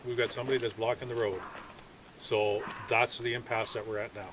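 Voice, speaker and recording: A man, a police officer, calmly explaining procedure in a measured, official way during an outdoor confrontation. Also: mid-range voice, background noise. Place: outdoor camp.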